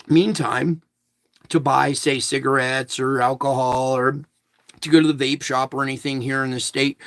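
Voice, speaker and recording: Gravelly fifties man ranting to viewers. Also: medium pitch, fairly bright tone, dry recording. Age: 50s. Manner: emphatic, ranting, addresses listeners with "okay?". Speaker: vlogger. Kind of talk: rambling monologue to viewers.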